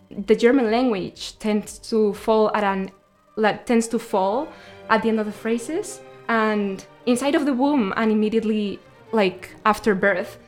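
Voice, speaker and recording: A woman hosting a radio show, sharing science facts between songs in a loose, chatty way with many fillers and self-corrections. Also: mid-range voice.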